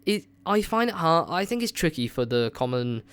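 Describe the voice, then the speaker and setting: Smooth-voiced, rambling, excitable man. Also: on the high side, moderate pace. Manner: rambling, enthusiastic, lots of filler words. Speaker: radio show host, movie reviewer. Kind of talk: excited casual movie chat.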